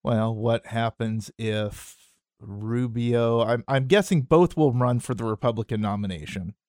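A man's voice: medium pitch, unhurried, a little mellow, no echo. A man co-hosting a political talk radio show, talking in a conversational, wry way on a studio microphone. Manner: conversational and wry, with short chuckles.

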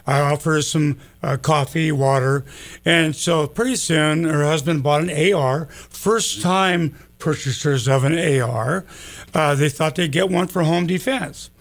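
A man talks in a rough, gravelly voice that sits a little higher than most. He rambles in a folksy way, scattering ums and uhs as he chats as a guest on a talk show. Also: measured pace. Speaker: gun store owner guest. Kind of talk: casual talk radio chat.

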